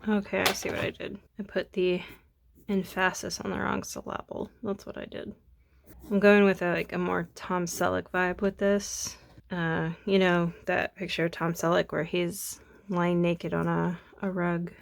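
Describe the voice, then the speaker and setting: A woman's voice: on the low side, flat delivery, unhurried, vocal fry. A young woman chatting casually while she draws, rambling and self-deprecating, a bit sniffly from allergies. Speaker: art vlogger. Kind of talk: casual chat while drawing.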